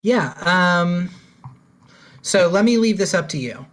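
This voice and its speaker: A man's voice: high voice, animated, slow, fairly bright tone. A man co-hosting a podcast in casual chat, matter-of-fact as he relays news items. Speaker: podcast co-host.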